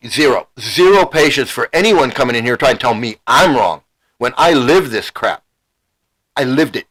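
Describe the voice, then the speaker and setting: A man's voice: mid-range voice, lively intonation, normal speed, a bit bright, rough recording. Heated middle-aged man ranting. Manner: heated and emotional, repeating himself, swearing. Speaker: channel host. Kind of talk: angry livestream rant.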